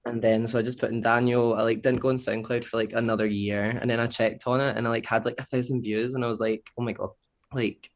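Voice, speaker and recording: A man's voice: mid-range voice, fast talker, hardly any pauses. A young Scottish man chatting casually as a podcast guest, rambling loosely with lots of fillers. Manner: relaxed and rambling, heavy on fillers. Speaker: guest, producer and DJ.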